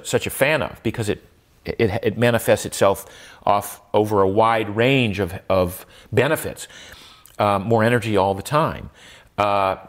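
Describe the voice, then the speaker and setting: An older man, a guest in an interview, talking reflectively with many restarts and fillers, his voice lifting when he stresses a point. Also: lowish voice. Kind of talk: conversational interview.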